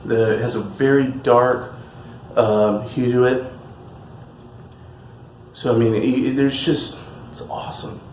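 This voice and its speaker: A man's voice: medium pitch, steady tone, slow pace, pauses often, a little mellow, a little hiss or hum. A man from California giving an enthusiastic, chatty tasting review as the host of his channel. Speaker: spirits reviewer. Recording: echoey room with faint music.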